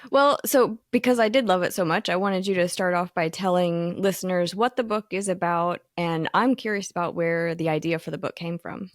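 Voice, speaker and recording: A woman's voice: lowish voice, moderate pace, few pauses, dry recording, studio quality. A woman hosting a podcast, opening with a scripted introduction before chatting. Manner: scripted intro then warm chat. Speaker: host, editor-in-chief.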